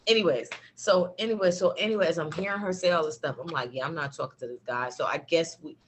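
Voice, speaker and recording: A woman telling a personal story in a casual chat, animated, laughing, with lots of fillers. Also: sits low, fast, slight background noise. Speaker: guest.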